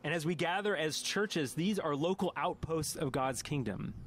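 A man's voice: fairly high pitch, normal speed, slight background noise. A man preaching a sermon as a pastor, reading a story aloud and reflecting on it earnestly, now and then correcting himself mid-phrase. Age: adult parent.

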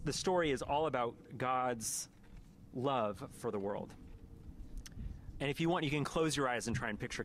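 A man's voice: mid-range voice, a bit bright, slight background noise. A man preaching a sermon as a pastor, reading a story aloud and reflecting on it earnestly, now and then correcting himself mid-phrase. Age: adult parent.

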